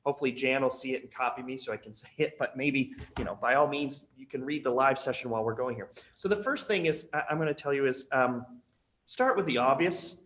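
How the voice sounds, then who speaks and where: A man's voice: mid-range voice, fairly quick, fairly bright tone, a little hiss or hum. Chatty male webinar presenter. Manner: casual, chatty, many fillers. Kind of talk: conference webinar talk.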